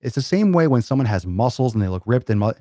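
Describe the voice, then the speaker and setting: Fitness coach host, male, mid-pitched, blunt and profane, fired-up lecture, dry close sound. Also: sing-song, fast talker, warm tone, no room sound. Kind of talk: ranting monologue to camera.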